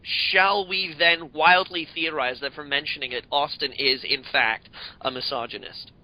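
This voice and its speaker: Very bright-toned male co-host, playful and jokey, mock-formal. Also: a little high, normal speed, slight background noise, poor audio. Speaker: podcast co-host. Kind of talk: casual comedic chat.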